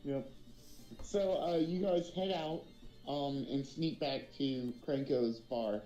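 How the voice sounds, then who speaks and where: A man's voice: medium pitch, slow pace, warm tone, reverberant, faint music behind, low-quality recording. A man running a tabletop role-playing game as dungeon master, narrating casually with many ums and uhs. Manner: casual, filler-heavy narration.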